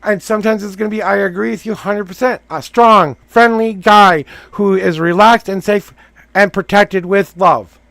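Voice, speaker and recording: A man's voice: sits high, steady tone, moderate pace, gravelly, a bit bright. A man hosting a live tarot reading, coaching the person he reads for with emphatic, repeated affirmations.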